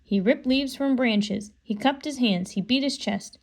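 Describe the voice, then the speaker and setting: A woman reading a children's book aloud in a calm, unhurried voice. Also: fairly high pitch. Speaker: storybook reader.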